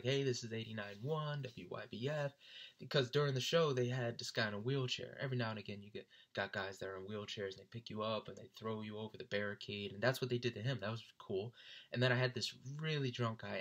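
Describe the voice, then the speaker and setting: A young adult man casually telling a concert story, animated and laughing often as he mimics his friends. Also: on the low side, fast. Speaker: vlogger recounting a concert.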